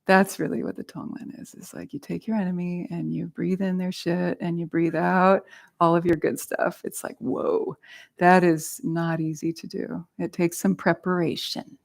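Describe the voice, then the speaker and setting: Woman dharma teacher, lowish voice, candid and quick to laugh, swears in her stories. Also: level tone, gravelly, a little mellow. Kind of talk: dharma talk with personal stories.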